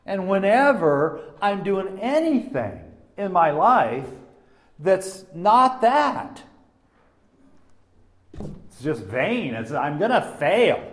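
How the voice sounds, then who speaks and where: A man teaching an informal sermon from a personal story, animated and halting, swinging between loud emphasis and hushed speech. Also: high-pitched, echoey room. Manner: halting, restarts sentences. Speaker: Bible teacher.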